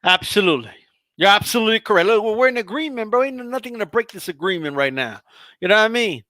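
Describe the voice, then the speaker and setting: A man's voice: sits high, animated, quick pace, pushed and bright, no room sound. A man co-hosting a boxing show, teasing his partner in casual comedic banter and saying "bro" constantly. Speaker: co-host.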